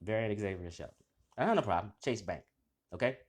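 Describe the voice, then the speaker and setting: Man, casual call-out vlog, boastful, confrontational, swinging pitch. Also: lively intonation, quick pace. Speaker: channel host.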